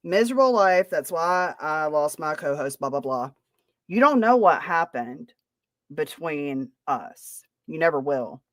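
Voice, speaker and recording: Woman podcaster ranting sarcastic and defensive, lower voice, dry mic. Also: lively intonation, slow, fairly bright tone, no room sound. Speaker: podcast host. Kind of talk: casual chat.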